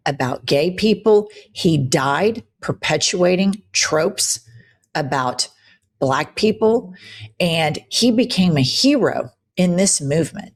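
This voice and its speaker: Woman, low-pitched voice, heated political commentary, blunt, profane, emphatic host. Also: animated, takes it slowly.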